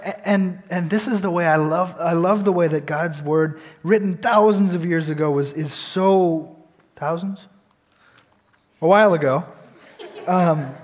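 A man's voice: on the high side, in a large hall. A young man talking casually and earnestly about faith, reading scripture aloud and telling a personal story, with frequent restarts and fillers.

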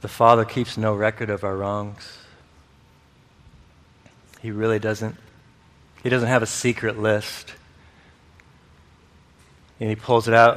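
A man's voice: lowish voice, little pitch movement, slow pace, long pauses, a bit bright. A man preaching a sermon, telling stories with laughter and acting out the voices of people in them. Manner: storytelling, acts out quoted voices, laughs often. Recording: long hall reverb.

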